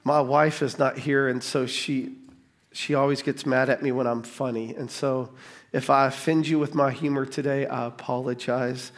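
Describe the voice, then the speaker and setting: A middle-aged man preaching a sermon to a church congregation, casual and joking, building to excited emphasis. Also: mid-range voice, moderate pace. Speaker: pastor.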